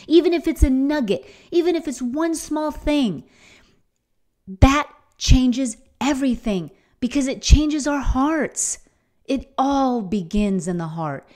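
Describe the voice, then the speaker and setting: A woman's voice: medium pitch, dark tone. Middle-aged woman, enthusiastic inspirational faith speaker, earnest storyteller. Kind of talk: motivational faith talk.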